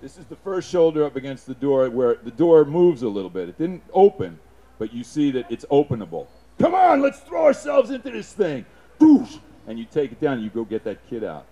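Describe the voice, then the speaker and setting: A man giving an impassioned, profane public speech, punctuated with shouted sound effects. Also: mid-range voice, sing-song, fairly quick.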